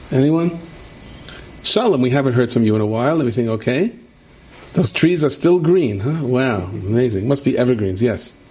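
A man's voice: mid-range voice, husky. A middle-aged man, teaching a Torah class and telling stories while asking his listeners questions. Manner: animated storyteller, asks listeners questions.

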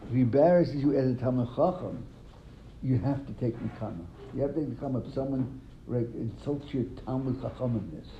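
A man with a mid-range voice teaches a Talmud class at a fairly quick pace, quizzing his students, animatedly retelling stories, and often repeating words. A little hiss or hum sits under the dull lo-fi recording, along with faint room ambience.

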